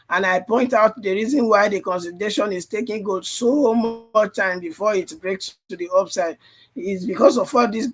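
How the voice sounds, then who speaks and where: A man coaching a live trading stream, his voice strained and tired, repeating phrases and constantly checking "you understand?". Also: high voice. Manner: repetitive, keeps asking "you understand?". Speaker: trading livestream host. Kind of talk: live chart analysis and coaching.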